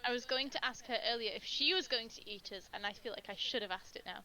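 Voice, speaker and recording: A woman playing in a tabletop game, chatting casually and exclaiming excitedly. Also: fairly high pitch, quick pace, a little hiss or hum, rough recording. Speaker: player.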